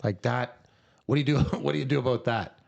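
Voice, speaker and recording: A man's voice: medium pitch, fairly quick, gravelly, darkish tone, dull audio. A middle-aged man co-hosting a casual podcast, agreeable and jokey, often laughing along. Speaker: podcast co-host. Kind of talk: casual chat.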